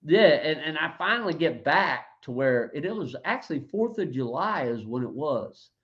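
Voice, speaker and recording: A man hosting a podcast, telling his own story in casual talk, halting and restarting his words. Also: fairly high pitch, lively intonation. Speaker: podcast host. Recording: dull lo-fi audio.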